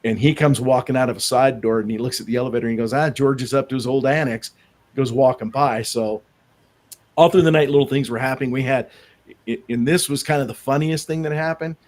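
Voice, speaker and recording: A man's voice: medium pitch, quick pace, a little mellow. A man who investigates the paranormal, telling rambling anecdotes in a casual podcast chat, with many restarts. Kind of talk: casual storytelling in a podcast interview.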